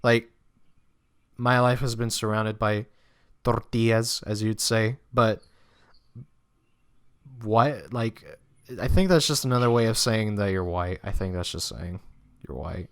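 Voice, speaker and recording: A man's voice: on the low side, fairly bright tone, clean tone. A young man from Mexico hosting a casual podcast chat, hesitant and full of restarts. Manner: hesitant, restarts often, quick laughs. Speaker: podcast host.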